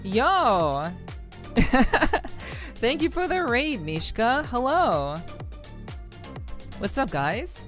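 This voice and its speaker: A woman's voice: a little high, big pitch swings, very slow, pauses often, fairly bright tone, faint music behind. A woman streaming a game with a slightly sore, scratchy throat, chatting casually and greeting viewers over and over. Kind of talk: casual live-stream chat.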